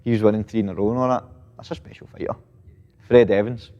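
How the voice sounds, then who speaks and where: Scottish male boxer in his thirties, deep-ish voice, loose and profane, recorded with lingering reverb. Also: fairly even intonation, fast, mellow, highs cut off. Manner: swears freely, fills with "mate" and "know what I mean". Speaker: professional boxer, guest. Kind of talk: casual interview reminiscing. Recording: long reverb.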